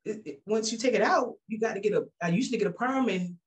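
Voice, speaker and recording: A woman telling her church testimony in a casual, animated way, acting out quoted voices. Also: quick pace. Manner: animated, acts out quoted voices with big pitch jumps; casual speech with frequent restarts. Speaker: guest giving a church testimony. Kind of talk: personal testimony, conversational storytelling.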